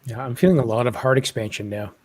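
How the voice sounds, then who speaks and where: A man on a spiritual group video call, describing a channeled vision gently, with many fillers. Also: medium pitch, quick pace, slightly rough. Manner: gentle, reflective, with frequent fillers. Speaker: channeling participant.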